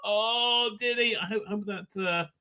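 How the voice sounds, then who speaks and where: A man's voice: high voice, sing-song, normal speed, heavy background noise. A man hosting a live stream, ranting sarcastically and crudely at video clips and swearing freely.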